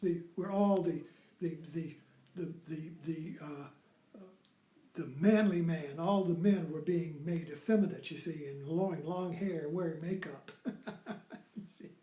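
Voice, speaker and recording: A man's voice: fairly high pitch, measured pace, mellow, reverberant. A man giving a rambling, informal lecture who keeps repeating "you see.".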